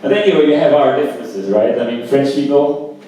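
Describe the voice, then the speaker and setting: A man performing open mic stand-up comedy at a small cafe, talking in a casual, halting way with lots of fillers. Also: mid-range voice, mellow, very echoey, distant mic, a little hiss or hum, poor audio. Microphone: handheld stage mic.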